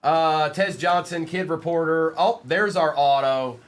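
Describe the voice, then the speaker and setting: A man's voice: on the high side, a little slow. A man hosting a live-streamed trading card break, reading out player names and bantering with the chat in a playful way.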